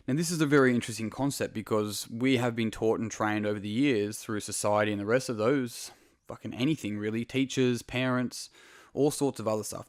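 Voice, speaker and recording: A man's voice: fairly low pitch, no echo, studio quality. A man hosting a podcast, talking straight to the listener in a casual, earnest motivational monologue full of swearing. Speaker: podcast host.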